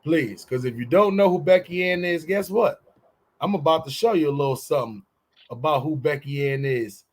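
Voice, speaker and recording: A man with a high voice hosts a podcast, chatting casually in a loose, joking way. When he wants to make a point, he slows down and draws his words out for emphasis.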